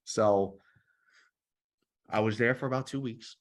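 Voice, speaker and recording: A man in his thirties, a former police officer, telling his story in a podcast interview in a lively, profane way, acting out the dialogue. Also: fairly low pitch, unhurried. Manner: animated, profane, acts out dialogue. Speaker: guest, nonprofit founder and former police officer.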